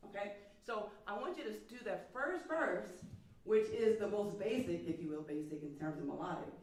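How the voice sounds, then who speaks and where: A woman's voice: mid-range voice, normal speed, a little mellow. Woman vocal coach, encouraging, sings example phrases, roomy hall, distant mic. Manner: encouraging, talks over the singing, demonstrates phrases by singing. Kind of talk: masterclass coaching. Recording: echoey hall, mic far off.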